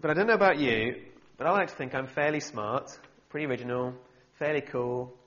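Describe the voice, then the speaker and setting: A young man preaching a sermon, humorous and animated, with wry asides. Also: mid-range voice, a little fast, slight background noise. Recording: slightly dull, muffled sound.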